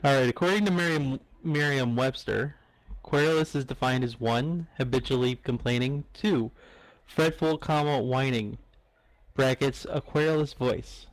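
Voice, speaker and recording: Dude explaining stuff to friends on a stream, kinda lecture-y. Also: male voice, medium pitch, moderate pace, no echo, low-quality recording. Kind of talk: casual chat with friends.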